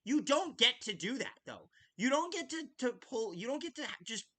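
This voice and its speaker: A high-pitched man with a bright, tense edge hosts a hockey podcast live. He rants with passion, swears freely and keeps restarting his sentences. His voice swoops up and down as he talks. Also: very animated, normal speed, slight background noise. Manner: ranting, impassioned, frequent "like" fillers and restarts. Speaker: podcast host. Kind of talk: casual live-stream commentary.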